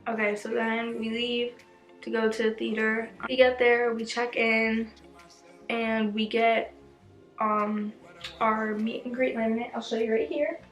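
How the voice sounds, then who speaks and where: A young woman telling a story to her viewers in casual vlog chat, excited and gushing, saying "like" constantly. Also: fairly high pitch, measured pace, faint music behind. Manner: gushing, excitable, fills speech with "like". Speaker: vlogger. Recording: echoey room.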